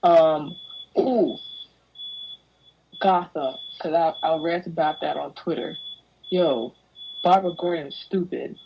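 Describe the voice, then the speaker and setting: A woman's voice: deep voice, slow, vocal fry, long pauses, slight background noise. A young woman, a podcast guest, ranting animatedly in casual chat, slipping into mocking voices. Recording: tinny phone-like audio.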